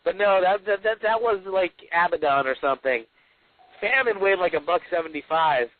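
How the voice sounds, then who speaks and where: A man's voice: high voice, expressive, moderate pace, dry recording. A man, the author guest, chatting casually and reading excerpts aloud with folksy, rambling asides. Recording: dry tinny phone-like line.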